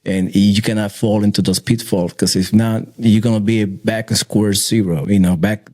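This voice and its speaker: Mellow-voiced male podcast host. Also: on the low side, fairly even intonation. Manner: loose, halting, with frequent fillers and restarts. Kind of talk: casual interview chat.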